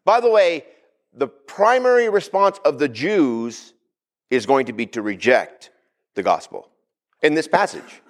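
A man's voice: a little high, big pitch swings, unhurried. A male pastor preaching a sermon, calling out to the congregation for responses.

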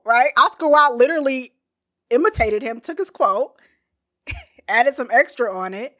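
A woman's voice: sits high, unhurried, long pauses, a bit bright. Chatty, playful woman storyteller. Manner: playful, chatty, laughs often, mock-dramatic asides. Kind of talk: casual explanatory storytelling.

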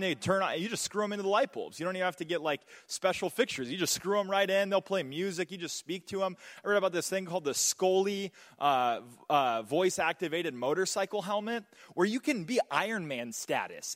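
A man preaching a sermon, telling stories and jokes in an animated way. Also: fairly high pitch, big-room sound. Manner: animated, joking, storytelling. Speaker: pastor.

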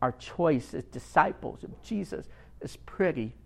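A man preaching a sermon, emphatic and dramatic, swinging from hushed phrases to loud ones. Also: fairly high pitch, lively intonation, gravelly. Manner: emphatic, swings from quiet to loud, long pauses.

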